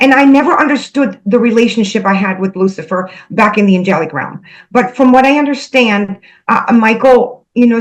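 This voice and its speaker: A woman earnestly recounting a spiritual experience, halting and repeating herself, emotional as she goes. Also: a little high, low-quality recording. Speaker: spiritual channel host. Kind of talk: personal spiritual storytelling.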